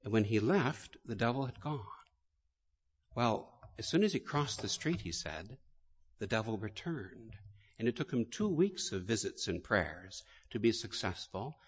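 Low-voiced priest preaching in a church. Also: male voice, very animated, husky. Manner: slow, deliberate storytelling. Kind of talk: sermon. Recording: long hall reverb.

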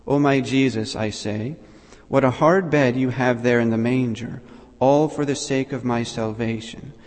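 A man reading the lines of an elderly male saint who pleads tenderly with a child, in a voice a little louder than his own, with long hall reverb. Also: mid-range voice, measured pace, natural voice. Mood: pleading.

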